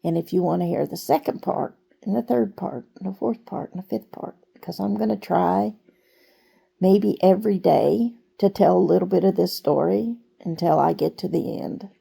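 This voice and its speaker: Brief: a woman storyteller with a gravelly, mellow voice, conversational and unhurried. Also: on the low side. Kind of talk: personal storytelling.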